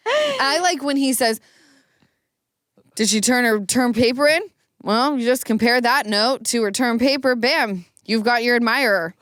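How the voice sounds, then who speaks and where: Giggly, animated woman podcast host. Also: a little high, measured pace, dry recording, clean studio sound. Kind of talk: casual chat.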